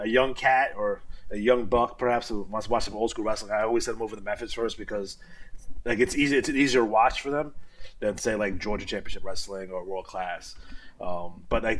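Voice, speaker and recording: A man's voice: on the low side, a little fast, a bit bright. A man co-hosting a casual talk show, rambling, stammering and repeating his words. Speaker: podcast co-host. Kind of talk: casual chat about wrestling.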